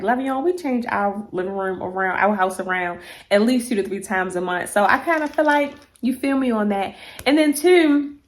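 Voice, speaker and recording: A middle-aged woman with a drawl talks casually to her viewers about home decor. She sounds a bit out of breath and chats along loosely, full of fillers and asides to her audience. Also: mid-range voice. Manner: chatty, lots of fillers and y'all. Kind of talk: casual chat to camera.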